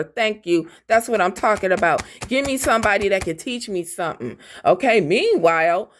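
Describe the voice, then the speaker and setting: A woman giving a fiery, profane tarot reading, blunt and defiant. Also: medium pitch. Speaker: tarot reader.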